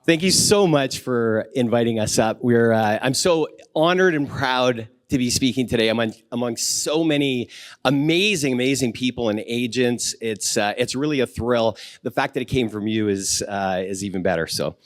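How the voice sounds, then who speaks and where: A man's voice: mid-range voice, moderate pace, no echo. Earnest man on a conference stage. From Canada. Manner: earnest and self-deprecating, with frequent fillers and restarts, getting emotional. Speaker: keynote speaker. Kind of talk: conference keynote talk.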